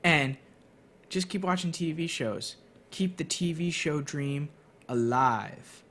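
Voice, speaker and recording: A man's voice: a little high, takes it slowly, fairly bright tone. A man hosting his own TV podcast stream, talking casually and rambling with lots of fillers. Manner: rambling, chatty, many fillers. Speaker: podcast host. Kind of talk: casual solo stream chat.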